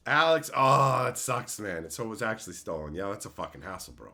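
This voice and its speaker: Animated, blunt streamer man. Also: fairly low pitch, fairly quick, gravelly, hardly any pauses. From Canada. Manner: animated, blunt, swears freely, loud outbursts. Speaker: streamer host. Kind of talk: casual livestream chat.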